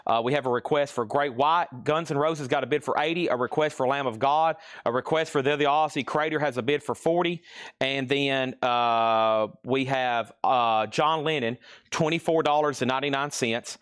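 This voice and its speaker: A man's voice: medium pitch, a bit bright, clean tone, no room sound, clean studio sound. Breathless man calling live record sales. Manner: brisk, rattles off titles and prices. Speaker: host selling vinyl records live.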